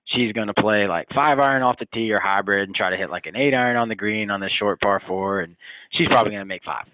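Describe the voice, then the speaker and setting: A man's voice: on the low side, quick pace, dry recording. A man, a college golf coach, telling a story with energy and enthusiasm in a casual interview. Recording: tinny phone line.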